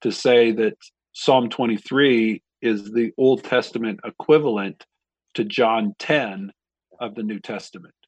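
A man, a pastor, talking through a Bible passage in a reflective, measured way with frequent pauses. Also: fairly low pitch, husky, no echo. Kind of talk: conversational Bible discussion.

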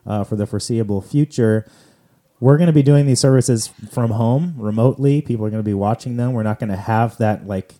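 Hosting a church podcast, this man from California talks through church readings in a relaxed, chatty way with many fillers. He has a mid-range, warm voice and speaks briskly.

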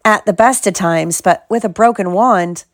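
A woman's voice: mid-range voice, normal speed, no room sound, studio quality, natural voice. A woman voicing an earnest, clever schoolgirl in an audiobook, speaking precisely and a little anxiously. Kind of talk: audiobook character voice.

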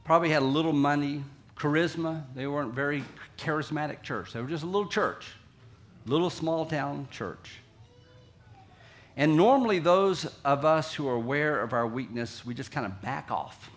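A man preaching a sermon to his congregation in a conversational way, dropping low and quiet, then acting out quotes loudly. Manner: conversational, acts out quotes with big swings from quiet to loud. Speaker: pastor. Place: church sanctuary.

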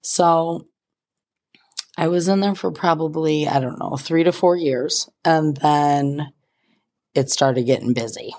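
A woman's voice: sits low, takes it slowly, a little mellow. A young woman hosting a podcast, telling a funny personal story with self-mocking, dramatic asides. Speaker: podcast host. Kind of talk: casual storytelling.

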